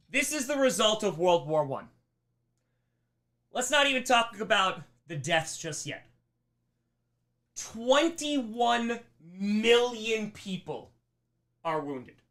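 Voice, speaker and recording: A man teaching a live history lesson on a stream, emphatic and animated, slipping into mocking voices. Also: high-pitched. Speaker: history teacher on a charity livestream.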